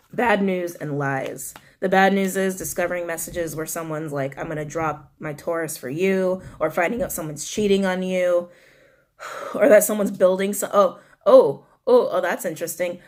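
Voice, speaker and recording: A young woman giving a casual tarot reading, animated and blunt, swearing and talking straight to her viewers. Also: on the low side. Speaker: tarot reader.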